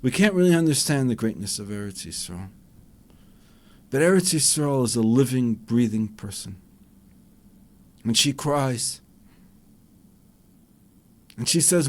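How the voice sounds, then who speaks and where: A man's voice: mid-range voice, measured pace, pauses often. A man, a rabbi, giving an impassioned Torah lecture and acting out dialogues with a rising voice.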